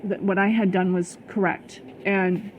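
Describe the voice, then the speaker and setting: A woman's voice: medium pitch, level tone, a little slow, darkish tone, a little hiss or hum, poor audio. A middle-aged woman vlogging about her past job, talking in an emphatic, heated way with many fillers and restarts. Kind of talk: casual personal storytelling.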